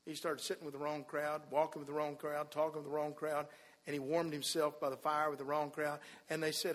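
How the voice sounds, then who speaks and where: A man preaching a sermon in a church, telling the story and acting out the people in it, dropping to a hush and then rising loud again. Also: a little high, level tone, a little fast. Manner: storytelling, acts out quoted voices, swings from hushed to loud. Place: church sanctuary. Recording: long hall reverb.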